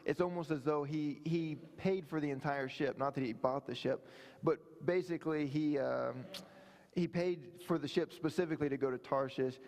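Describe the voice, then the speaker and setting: A man preaches to his congregation, his voice sitting a little high for a man. He talks in a conversational way, tossing in quick checks with his listeners. The sound hangs in a long hall reverb. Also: darkish tone. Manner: conversational preaching with frequent "right?" asides. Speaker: pastor. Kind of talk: sermon. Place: church sanctuary.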